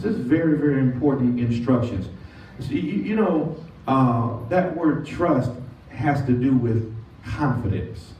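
A man's voice: mid-range voice, lively intonation, dark tone. A man preaching as pastor, leading call-and-response and stretching out key words. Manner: call-and-response preaching, slow drawn-out emphasis. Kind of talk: sermon. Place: church sanctuary. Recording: distant echoey church sound with dull lo-fi audio and faint noise.

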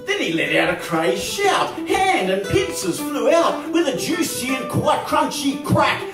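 An Australian man performing a comic bush poem live in a hall, theatrical and lively, with chuckling asides. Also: very high-pitched, measured pace. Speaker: folk club performer. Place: large hall, live concert. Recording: echoey hall, from far off, music.

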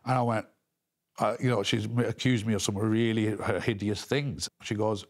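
A man giving an emotional news interview, talking haltingly with many restarts and repeated words. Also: on the low side, steady tone. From England.

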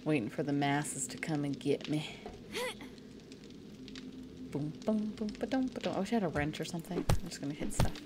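A woman's voice: low-pitched, fast talker, hardly any pauses, heavy background noise. A woman from Canada chatting casually and making crude jokes while playing a game on a live stream.

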